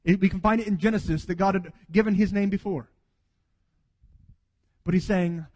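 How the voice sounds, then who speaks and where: A man's voice: sits high, steady tone, moderate pace, long pauses, darkish tone, long reverb tail. A man preaching a sermon earnestly, acting out quoted dialogue as he goes. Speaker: pastor.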